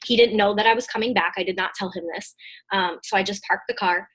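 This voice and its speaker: A woman's voice: mid-range voice, steady tone, fast talker, fairly bright tone. A woman business coach telling a personal story in a live motivational talk over a video call, in a casual, chatty way with lots of fillers and restarts.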